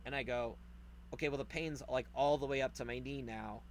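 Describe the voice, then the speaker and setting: A man telling a story in casual podcast chat, animated and profane, acting out the people in it. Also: mid-range voice, brisk, a little hiss or hum. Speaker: podcast host.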